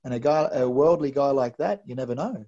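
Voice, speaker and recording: A wrestling recap co-host talks a little fast in a mellow, mid-range voice. It's casual, chatty musing with stammered restarts, recorded with slightly dull, lo-fi quality.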